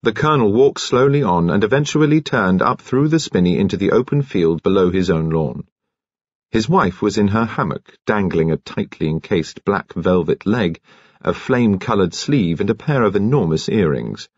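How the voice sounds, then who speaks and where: A deep, husky male voice narrating an audiobook with measured, expressive storytelling. The sound is dry and close, slightly dulled in its highs. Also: dry recording, dull audio.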